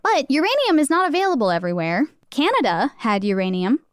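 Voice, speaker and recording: A woman talks through history on a casual podcast, blunt and emphatic with profanity. Her voice is smooth and clear, recorded dry and close. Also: high voice, big pitch swings, fairly quick, dry recording. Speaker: podcast co-host.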